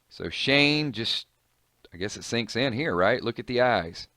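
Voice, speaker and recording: A man's voice: mid-range voice, animated, a little slow, pushed and bright, no room sound, clean studio sound. Chatty man reacting to a comic. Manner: chatty, reactive, musing aloud with fillers. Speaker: comic reader and commentator. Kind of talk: casual comic reading with commentary.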